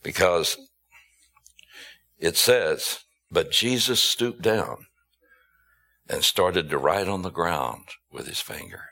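Slow, low-voiced man preaching a sermon. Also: lively intonation, sharp tone. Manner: slow, emphatic, rhetorical questions, drawn-out stressed words.

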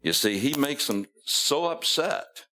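A man's voice: medium pitch, sing-song, slow pace, pushed and bright. A man preaching a sermon, retelling scripture in a folksy storytelling way, acting out the quotes and chuckling at his own asides.

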